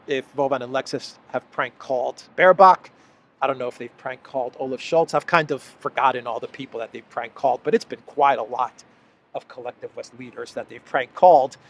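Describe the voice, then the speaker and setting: A man hosting a solo political commentary show, reading news excerpts aloud and mocking them sarcastically, often restarting his sentences. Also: medium pitch.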